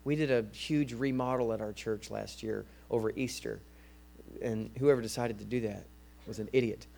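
A man preaching a sermon as a guest preacher, energetic and conversational, often repeating words as he restarts. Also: fairly low pitch, normal speed, vocal fry, a little hiss or hum.

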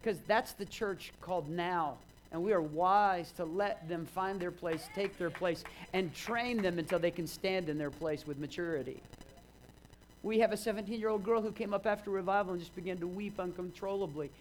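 Pastor guy in his 50s preaching, kinda high voice, retells convos, faint hum. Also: moderate pace. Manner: storytelling, retelling conversations, emphatic rises. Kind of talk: sermon.

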